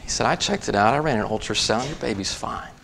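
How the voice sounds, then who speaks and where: A man's voice: mid-range voice, expressive, quick pace, gravelly, fairly bright tone, a little hiss or hum. A man preaching in a church, telling a family story and then reading scripture aloud with rising emphasis. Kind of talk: sermon.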